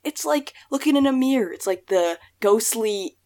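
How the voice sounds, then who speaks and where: A young woman co-hosts a relaxed podcast, musing over song lyrics in a loose, rambling way. Her voice still carries a rough morning edge. She laughs at herself and wanders off topic. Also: fairly high pitch, normal speed. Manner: rambling, self-deprecating, laughs often. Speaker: podcast co-host. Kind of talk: casual chat about song lyrics.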